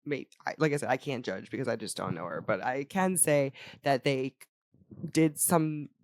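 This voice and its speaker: A woman's voice: very deep voice, moderate pace, darkish tone, no room sound. A young woman co-hosting a podcast, chatting casually with strong opinions, frequent swearing and laughter. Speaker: podcast co-host. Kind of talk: casual chat.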